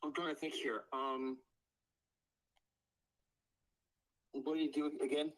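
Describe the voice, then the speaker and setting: A man answering a call from his wife, sounding sleepy, slow and confused. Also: fairly high pitch, little pitch movement, fairly bright tone, poor audio. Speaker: husband on a call.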